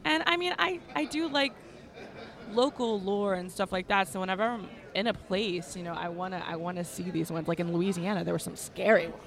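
A woman co-hosting a casual chat, animated and laughing often as she talks. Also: medium pitch, brisk.

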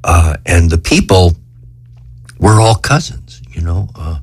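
A middle-aged man, an author, reading his own essay with feeling and then talking in a halting, earnest way. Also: low-pitched, lively intonation, husky, dry recording. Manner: earnest, emotional reading; halting, filler-heavy talk. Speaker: author and guest. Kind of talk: reading aloud, then conversation.

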